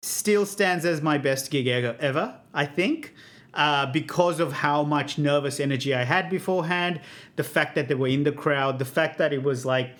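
Chatty self-mocking man, slightly high voice. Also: moderate pace, a bit bright. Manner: rambling, self-deprecating, laughs often. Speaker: comedian guest on a podcast. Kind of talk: casual chat.

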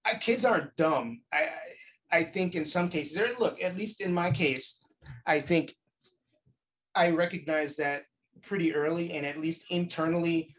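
A man's voice: fairly high pitch, measured pace, fairly bright tone, low-quality recording. A man hosting a podcast, asking questions in a thoughtful, hedging way with restarts and casual swearing. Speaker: podcast host. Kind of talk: casual interview chat.

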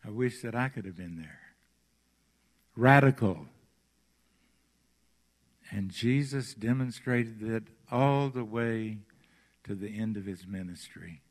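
A man preaching a sermon as pastor, retelling scripture stories slowly and with emphasis before leading communion and prayer. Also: fairly low pitch, big-room sound. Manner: slow, emphatic storytelling preaching.

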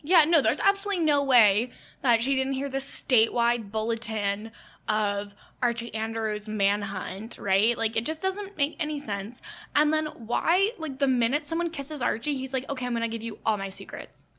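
A woman with a bright, fairly high voice reacts to the episode with sarcasm. She talks in an animated way and acts out characters' lines. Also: normal speed. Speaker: podcast co-host. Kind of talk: casual TV recap chat.

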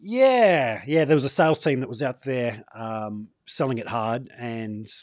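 A man from Australia with an Australian accent, hosting a casual interview in a relaxed, chatty way. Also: medium pitch, unhurried, no echo, studio quality. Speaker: interview host.

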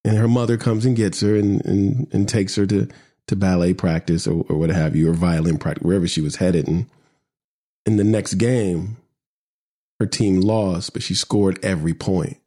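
A middle-aged man with a fairly low voice hosts a conversational podcast. He tells stories animatedly, acting out the quoted lines in his own voice. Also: normal speed. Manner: animated storyteller, acts out quoted dialogue. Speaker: podcast host. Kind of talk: conversational podcast talk, then reading a poem.

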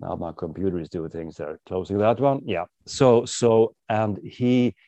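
A man's voice: lowish voice, steady tone, a little slow, dark tone, no echo, lo-fi sound. A man, an author and public speaker, talking as a guest in an interview and playfully acting out personality types as he explains them. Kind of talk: interview conversation.

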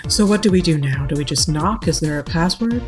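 A woman's voice: low voice, animated, brisk, over music. A woman voicing a confident male adventurer who talks politely and persuasively. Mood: coaxing.

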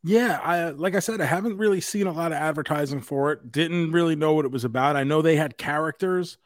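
A man co-hosting a pop culture podcast, chatting in a relaxed way with the odd swear word. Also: fairly high pitch, fairly quick, no room sound, clean studio sound. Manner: chatty, relaxed, occasionally profane. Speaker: podcast co-host. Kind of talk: casual chat.

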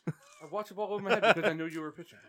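A man joining a sports podcast chat, animated and mocking himself. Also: high voice, rapid-fire. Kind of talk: casual podcast banter.

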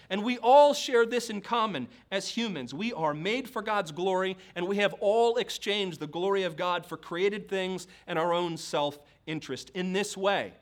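A man preaching a sermon, emphatic, building to forceful declarations. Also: high-pitched.

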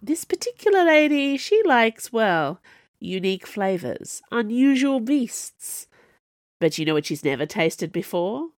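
A woman's voice: on the high side, sing-song, measured pace, no room sound, clean studio sound, pitched above the performer's own voice. A woman voicing a smarmy, wealthy, ruthless male villain in an audiobook, smug and drawling.

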